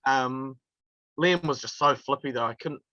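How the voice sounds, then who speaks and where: A man's voice: mid-range voice, unhurried, pushed and bright, no room sound, muffled recording. A male wrestler from New telling stories in a casual interview, chatty and laughing through his anecdotes with plenty of fillers. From New Zealand.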